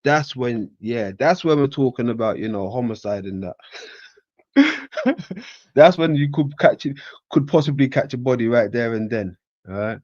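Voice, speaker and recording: Man, reaction host, loud exclamations, lo-fi dull audio, dry close sound. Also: normal speed, no echo. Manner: animated, exclamatory, swings into high incredulous cries. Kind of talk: casual reaction commentary.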